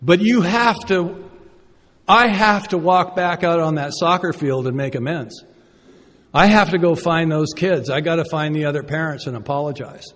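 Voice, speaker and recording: A man's voice: a little high, normal speed, fairly bright tone. A man giving a personal recovery talk from a podium, conversational and self-deprecating, asking the audience rhetorical questions. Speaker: recovery meeting speaker. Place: conference hall. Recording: reverberant hall.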